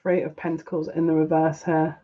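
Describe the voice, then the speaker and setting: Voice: medium pitch, little pitch movement, a little fast, dull audio. Chatty, laughing psychic tarot reader. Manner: chatty and rambling, often laughing and repeating phrases. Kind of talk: live tarot reading, chatting with viewers.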